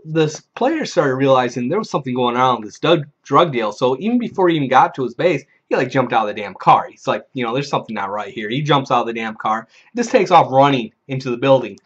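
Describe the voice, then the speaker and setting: A man's voice: mid-range voice, expressive, fairly quick, husky. A man hosting a video, casually telling a rambling, profane story from a tabletop game and acting out the players he quotes. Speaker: video host. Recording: dull lo-fi recording.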